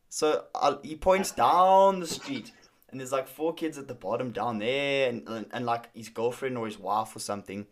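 A man's voice: mid-range voice, a little fast. Young man telling a story casually. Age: young adult. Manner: storytelling, acts out quoted dialogue, frequent fillers and restarts. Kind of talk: casual conversation.

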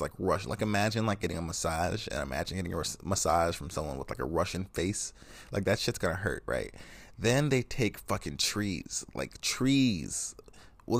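A man's voice: low-pitched, no echo. A man hosting a podcast, delivering a rambling, sarcastic, profane comedic monologue into a close mic. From United States. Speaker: podcast host.

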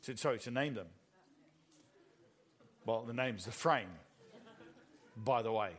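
A man's voice: medium pitch, slow pace. A middle-aged man with a New Zealand accent preaching a sermon, telling stories with animation and laughing at his own jokes.

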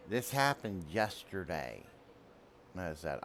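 Man, very low voice, slow unhurried pace, rambling radio host monologue, faint background noise. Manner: rambling, self-interrupting. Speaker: radio program host and writer. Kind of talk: casual storytelling monologue.

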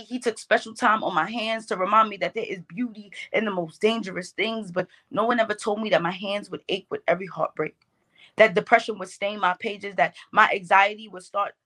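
A woman's voice: mid-range voice, a bit bright. A woman performing her own spoken word poem, with a rhythmic, emphatic delivery. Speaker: poet.

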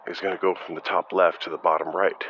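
A man's voice: low voice, little pitch movement, fast, fairly bright tone. A man hosting a casual solo podcast outdoors with geese overhead, talking in a rambling, self-mocking, joking way. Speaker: podcast host. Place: outdoors under flocks of flying geese. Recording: dull lo-fi outdoor recording with clear background noise. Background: honking geese and outdoor ambience.

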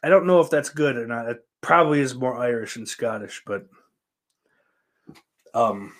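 A man's voice: mid-range voice, unhurried, a bit bright. Profane rambling male podcast host. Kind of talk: casual rambling monologue.

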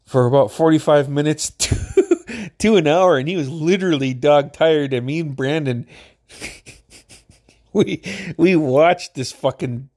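A man's voice: fairly high pitch, unhurried, darkish tone. A man casually telling a rambling personal story, laughing often and swearing a lot.

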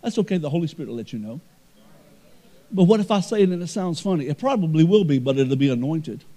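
Pastor, male, lively sermon delivery, warm dark voice. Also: a little high, fast. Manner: preaching with rising emphatic swells and quiet storytelling asides.

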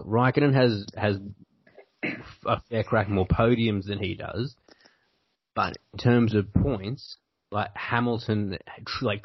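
A man's voice: fairly low pitch, dry recording. An Australian man hosting a podcast in casual chat, rambling and interrupting himself. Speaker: podcast host. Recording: dull lo-fi audio.

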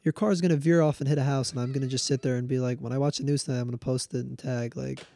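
A man's voice: medium pitch, steady tone, rapid-fire, vocal fry, dark tone, no room sound. A man, co-hosting a casual podcast and ranting bluntly with slang and swearing. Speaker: podcast co-host. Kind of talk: casual chat.

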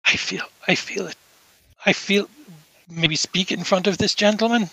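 A man's voice: high-pitched, moderate pace, creaky, pushed and bright, slightly rough, no room sound, heavily acted, low-quality recording. A man voicing a nervous, paranoid male inventor who stammers and frets. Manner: stammering, flustered.

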